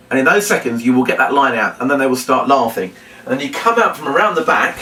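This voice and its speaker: A man teaches a children's puppet routine. He hesitates with many ums and breaks into loud, high calls to demonstrate. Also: expressive, fast talker. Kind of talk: instructional demonstration. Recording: roomy, distant mic, faint room noise.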